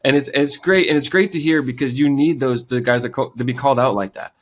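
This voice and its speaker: Fast-talking male co-host, easygoing casual sports chat. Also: medium pitch. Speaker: podcast co-host.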